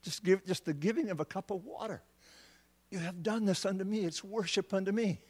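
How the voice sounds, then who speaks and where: A man preaching a sermon, repeating words as he restarts phrases and building to emphatic, drawn-out words on key points. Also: high voice, a little mellow, slightly rough, big-room sound.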